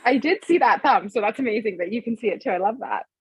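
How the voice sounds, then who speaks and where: A woman's voice: a little high, lively intonation, a little fast, breathy edge, no room sound, low-quality recording. A woman coach talking frankly and emphatically as a podcast guest, swearing freely as she tells her story. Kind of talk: casual podcast conversation.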